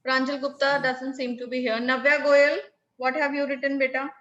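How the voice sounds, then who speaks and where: Woman teacher on a video call, high bright voice, slow and patient, kinda dull audio. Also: flat delivery. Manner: calls on students by name, repeats answers. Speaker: French teacher. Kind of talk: online class teaching.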